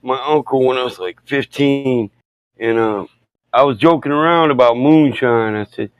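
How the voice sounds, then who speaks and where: A man chatting casually on a podcast, telling rowdy stories, swearing often and acting out quoted people loudly. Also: mid-range voice, moderate pace, smooth, dry recording, muffled recording. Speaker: podcast host. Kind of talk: casual chat, storytelling.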